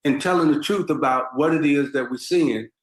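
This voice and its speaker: A man's voice: a little high, normal speed, echoey room, rough recording. A man talking as a podcast guest, making his point emphatically and insistently. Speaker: podcast guest, former basketball player. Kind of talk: casual podcast talk.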